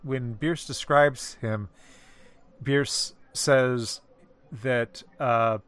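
A man in a casual literary discussion, explaining at a measured, careful pace and pausing to find his words. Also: mid-range voice, steady tone, fairly bright tone, clean tone. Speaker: discussion co-host.

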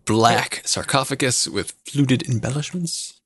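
A man narrating as game master of a tabletop game, playful, describing scenes with deliberate pauses. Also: medium pitch, a bit bright, slightly rough, no room sound.

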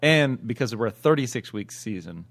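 A man's voice: medium pitch, animated, normal speed, fairly bright tone. Joking man hosting a podcast. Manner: joking, laughs often, stumbling restarts. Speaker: podcast host. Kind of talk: casual chat.

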